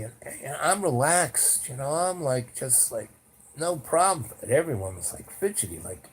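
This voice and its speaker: In a casual spoken anecdote, a man rambles through a personal story packed with "like" and "you know" fillers, his voice rising and falling in pitch and volume with lively energy.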